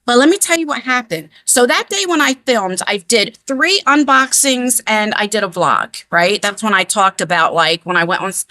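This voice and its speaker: Bright-voiced New woman vlogging. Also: on the high side, no room sound. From New Jersey. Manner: animated, rambling, emphatic. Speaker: beauty vlogger. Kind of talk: casual chatty storytelling. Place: converted attic room at home.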